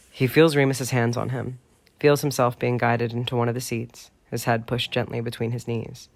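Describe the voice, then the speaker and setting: A man's voice: mid-range voice, flat delivery, normal speed. A man narrating a fan fiction audiobook expressively, with chatty asides to listeners.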